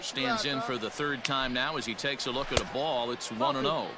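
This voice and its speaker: A man voicing a video game's play-by-play announcer, calling the action in brisk, lively baseball commentary. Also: mid-range voice, a crowd in the background, close to an everyday voice.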